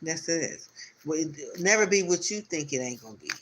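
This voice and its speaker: A man's voice: fairly high pitch, lively intonation, brisk, fairly bright tone, slight background noise, low-quality recording. A man giving a spiritual tarot reading on a live stream, talking in loose, repetitive, encouraging circles. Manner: rambling, repetitive, spiritual pep talk. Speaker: tarot reader.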